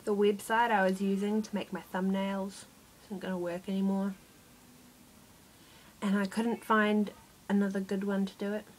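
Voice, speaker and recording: A woman's voice: mid-range voice, flat delivery, normal speed, pauses often, a little hiss or hum, poor audio. A woman vlogger telling a rambling, exasperated storytime about her day, self-mocking as she goes. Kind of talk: casual storytime monologue.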